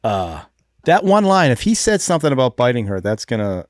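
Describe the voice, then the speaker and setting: A man's voice: mid-range voice, very animated, a little fast, dry recording. A man with a mid-range voice co-hosts a casual film podcast. He speaks hesitantly and often trails off or restarts. The mic is close and dry. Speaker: podcast co-host. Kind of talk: casual film review chat.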